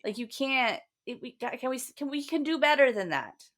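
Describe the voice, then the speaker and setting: A woman co-hosting a book podcast, chatting casually with many fillers and quick laughs. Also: high voice, animated, a bit bright. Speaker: podcast co-host. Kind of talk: casual book-club chat.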